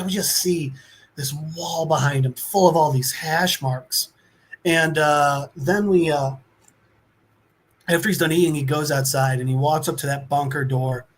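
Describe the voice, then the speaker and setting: A man's voice: a little high, a bit bright. A man co-hosting a casual podcast, animatedly retelling a comic book plot and acting out the characters' lines. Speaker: podcast co-host recapping a comic. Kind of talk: casual chat.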